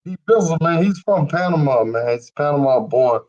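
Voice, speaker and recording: A man's voice: fairly high pitch, animated, normal speed, a little mellow. A man hosting a casual chat, laid-back and leaning on filler phrases, over muffled lo-fi audio. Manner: laid-back, leans on "you know". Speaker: host.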